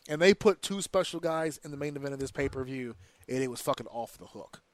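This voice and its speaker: A man co-hosting a casual wrestling podcast, ranting excitedly and swearing often. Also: mid-range voice, fast talker. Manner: animated, profane, rants excitedly. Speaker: podcast co-host.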